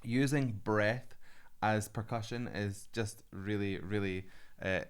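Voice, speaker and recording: A man's voice: lowish voice, steady tone, takes it slowly, clear, resonant tone. A man, a vocal coach giving analytical, enthusiastic reaction commentary on singers. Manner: analytical and enthusiastic, prone to laughing. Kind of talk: reaction commentary on a singing video.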